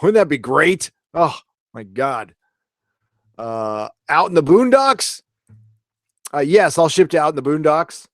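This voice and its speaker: Man, live-stream host, casual rambling chat, slightly high voice, dry close sound. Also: lively intonation, a little slow, long pauses, dry recording. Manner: rambling, chatty, swears casually.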